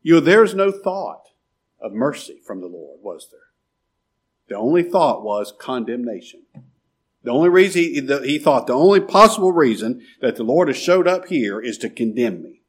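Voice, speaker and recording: A male pastor in the middle of a sermon, his voice slightly husky. His pitch rises and falls in wide, lively sweeps. He drives points home with rhetorical questions and sudden quiet murmurs. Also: normal speed.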